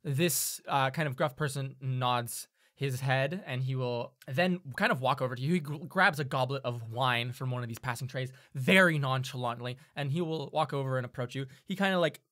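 A man's voice: mid-range voice, moderate pace, hardly any pauses, pushed and bright, no room sound, clean studio sound. A man narrating a tabletop game as game master, rambling with many fillers.

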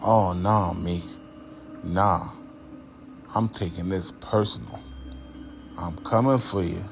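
A man playing a smug, scheming male music mogul who talks in a low, slow, threatening drawl. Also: fairly even intonation, gravelly, heavily acted. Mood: menacing. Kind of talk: comedy skit impression.

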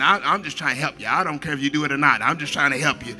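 A man preaching a sermon as a pastor, shouting at the peaks, dropping to quiet asides, and repeating his phrases. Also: fairly high pitch, rapid-fire, soft background music.

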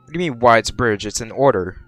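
A man's voice: mid-range voice, lively intonation, fast talker, a bit bright. A young man giving gameplay commentary while role-playing a police officer, barking orders and exclaiming in surprise. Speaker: gameplay video creator.

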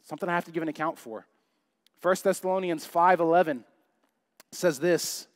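A man's voice: a little high, moderate pace, dry recording, clean studio sound. A young adult man preaching a sermon in church, chatty and joking, full of rhetorical questions. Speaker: pastor.

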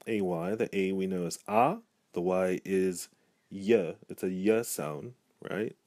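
A man's voice: deep voice, a little slow, a little mellow, no room sound, clean studio sound. A man giving a pronunciation lesson, speaking patiently and repeating each example word. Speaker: language teacher. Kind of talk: pronunciation tutorial.

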